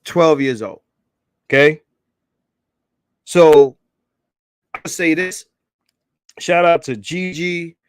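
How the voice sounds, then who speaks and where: A man hosting a casual livestream, hyped and profane, calling out shout-outs to viewers and begging for likes. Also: a little high, extremely slow, long pauses, clean tone, no room sound, studio quality. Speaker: livestream host.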